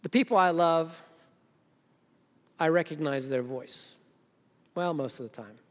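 A man with a high, light voice delivers a sermon, pressing his points with emphasis and then dropping almost to a hush. His voice rings out with a long reverb tail, as in a large hall. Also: a little slow. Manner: swings between emphatic and hushed, intimate delivery. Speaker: preacher.

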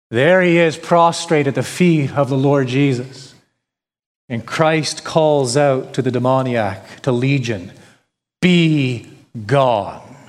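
A male pastor preaching a sermon, emphatic, with rhetorical questions and repetition. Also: mid-range voice. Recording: long hall reverb.

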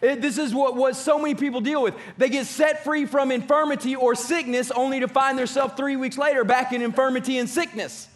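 High-voiced emphatic male preacher. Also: fairly even intonation, a little fast, hardly any pauses. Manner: emphatic preaching with repeated phrases. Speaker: pastor. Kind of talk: sermon.

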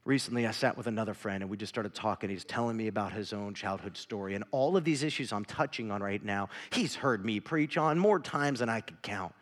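A man preaching a sermon as a pastor, swinging from shouting to hushed whispers. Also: on the low side, a little fast, few pauses. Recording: reverberant hall.

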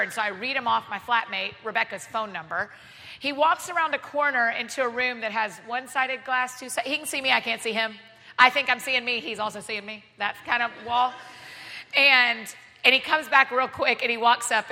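A woman with an American Southern accent tells a story from the stage, her voice high and very bright. She is animated and self-deprecating, breaking into laughter as she goes. Her words ring out with the long reverb of a large hall. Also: a little fast. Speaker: guest speaker. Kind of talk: storytelling sermon to a live audience.

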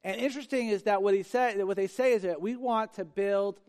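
High-voiced preacher in a reverberant hall. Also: male voice, brisk, darkish tone, smooth. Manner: emphatic, repeats phrases for effect. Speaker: pastor. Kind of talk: sermon.

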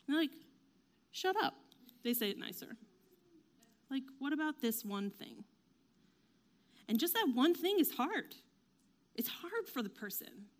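Woman chatting about faith, kinda high voice, lots of likes and ums, acts out little quotes. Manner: chatty, self-deprecating, many fillers; quick, animated acted-out quotes. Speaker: devotional speaker. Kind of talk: casual faith talk.

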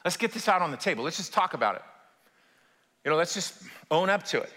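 A man preaching as a pastor, telling a personal story in a lively, conversational way and addressing the congregation directly. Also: high voice, normal speed, pauses often. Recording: long hall reverb.

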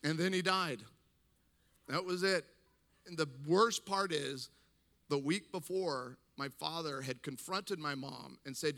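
A man speaking to a men's gathering, telling a funny story in an animated way, laughing and acting out voices. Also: on the high side, measured pace, creaky, in a large hall. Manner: animated, acts out quoted voices, laughs often. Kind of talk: humorous storytelling talk.

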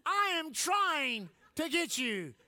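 A male pastor preaching a sermon emphatically, swinging between shouts and low asides and laughing often. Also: sing-song, slow.

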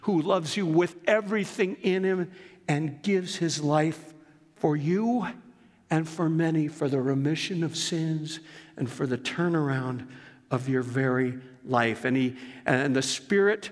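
A man's voice: a little high, moderate pace, big-room sound. A male pastor delivering a sermon in an earnest, emphatic way, mixing scripture with personal stories. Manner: earnest, emphatic preaching with storytelling asides.

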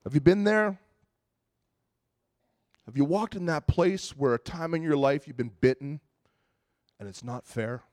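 A man preaching a sermon, animated, acting out the people in his stories. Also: fairly high pitch, a little slow, pauses often, no echo, clean studio sound. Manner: animated storytelling, acting out quoted voices. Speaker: pastor.

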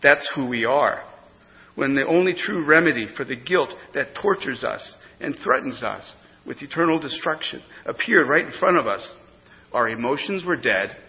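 Emphatic preacher in an echoing church. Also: male voice, medium pitch, animated, normal speed. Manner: emphatic preaching, swinging from loud to hushed. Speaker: pastor. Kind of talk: sermon. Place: church sanctuary. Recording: dull lo-fi sound with long hall reverb.

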